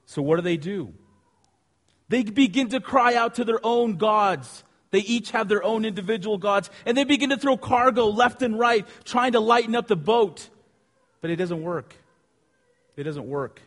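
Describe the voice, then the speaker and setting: A man preaching a sermon with animated storytelling, asking his listeners questions. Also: high-pitched, moderate pace. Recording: long hall reverb.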